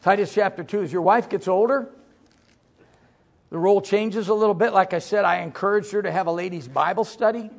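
Gravelly high-voiced preacher man. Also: brisk. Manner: folksy, joking, swings from loud to low asides. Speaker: pastor. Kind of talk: sermon.

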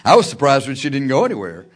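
Telling a personal story from the pulpit, a preacher speaks in a mid-range voice with a breathy edge at normal speed. He delivers it with energy, laughing frequently and raising his voice to a shout at key points.

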